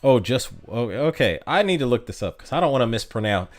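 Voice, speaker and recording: A man's voice: medium pitch, big pitch swings, fairly quick, soft background music. A young man streaming a mobile game, chatting casually with his chat and laughing at himself. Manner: chatty, self-mocking, laughs often.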